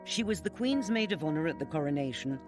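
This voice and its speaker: Male documentary narrator, measured and formal, lightly raised pitch, music under. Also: expressive. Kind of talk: scripted narration.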